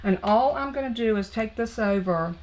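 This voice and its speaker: A woman's voice: a little high, expressive, normal speed, a little mellow, a little hiss or hum, rough recording. Southern woman demoing card-making live, gushy, chatty, full of ums. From Southern United States. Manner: chatty, gushing, thinks aloud with fillers. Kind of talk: live crafting stream.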